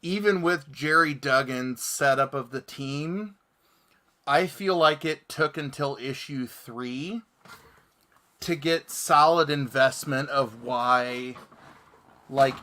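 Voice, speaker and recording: Male host of a comics chat, unhurried and laid-back, reads viewer comments aloud. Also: medium pitch, pushed and bright. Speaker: podcast host. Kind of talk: casual chat.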